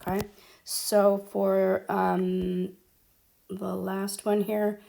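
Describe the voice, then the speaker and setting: A woman's voice: mid-range voice, flat delivery, creaky, warm tone. A woman teaching Spanish grammar at a whiteboard, explaining step by step with frequent ums. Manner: slow, explaining step by step with fillers.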